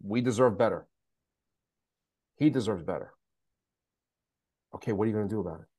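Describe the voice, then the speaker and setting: A man's voice: on the low side, fairly quick, warm tone, slightly rough, dry recording. A middle-aged man, a guest on a podcast, talking candidly and emphatically, repeating himself and swearing now and then. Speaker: podcast guest, special needs father. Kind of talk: candid conversational interview.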